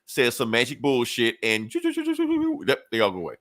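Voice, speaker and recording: A man's voice: medium pitch, a little fast, a bit bright, dry recording, studio quality. A man on a podcast recapping a comic book in a loose, casual way, swearing often and using many fillers. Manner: loose, profane storytelling with frequent fillers. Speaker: podcast co-host.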